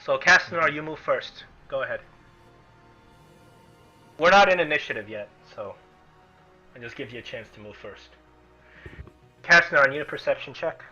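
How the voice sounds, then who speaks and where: A man narrating as game master of a tabletop game, animated and breaking into chants and shouts. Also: on the high side, moderate pace, long pauses. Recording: dull lo-fi recording with music.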